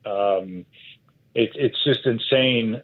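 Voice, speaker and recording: A man from Minnesota, a football color analyst and former player, calling in as a guest and talking things through with many fillers and pauses. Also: mid-range voice. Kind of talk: casual analysis, call-in guest. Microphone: phone or remote line. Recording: tinny phone line.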